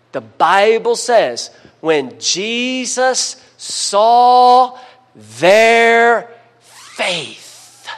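A man preaching a sermon, emphatic, calling for amens and dropping to a hush between louder bursts. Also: high voice. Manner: emphatic preaching with call-and-response amens, swings between loud and hushed.

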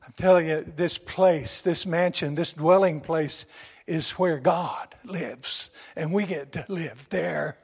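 High-voiced, exuberant middle-aged preacher. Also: male voice, slow, husky. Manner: exuberant, emphatic, bursts into shouting. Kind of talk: sermon.

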